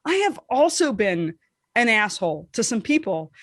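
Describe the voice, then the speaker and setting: A woman podcast co-host telling a casual, animated story, swearing freely and acting out what people said. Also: moderate pace, no echo, clean studio sound. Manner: animated, profane, acts out quotes with big pitch swings.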